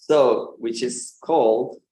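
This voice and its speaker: A man's voice: mid-range voice, dark tone. Man teaching over a roomy video call. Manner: hesitant, many fillers, light laughs. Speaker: Sanskrit pronunciation presenter. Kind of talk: informal online lesson.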